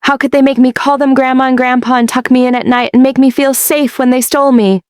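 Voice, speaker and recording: A woman's voice: high-pitched, fairly even intonation, quick pace, clean tone, no echo, studio quality, voice pushed up, lightly acted. A woman voicing an upset ten-year-old girl who pleads with raw, tearful anger. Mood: angry, hurt.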